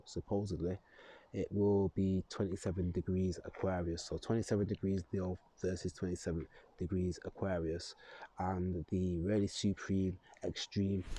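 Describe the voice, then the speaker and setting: Low, dark-voiced man. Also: husky. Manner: rambling, chuckling, loose, self-correcting. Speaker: astrology vlogger. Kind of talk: casual astrology talk to camera.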